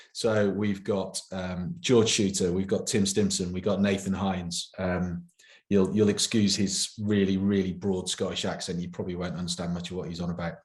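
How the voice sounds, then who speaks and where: A man, the event organizer, chatting casually and joking in a promotional interview. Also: sits low. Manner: chatty, joking, self-deprecating. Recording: roomy echo.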